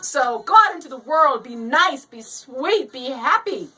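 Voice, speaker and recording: A woman's voice: sits high, lively intonation, measured pace, sharp tone, breathy edge, recorded from a distance, poor audio. A woman hosting a casual show, chatting and reading a joke aloud, laughing often and acting out the voices as she reads. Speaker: host.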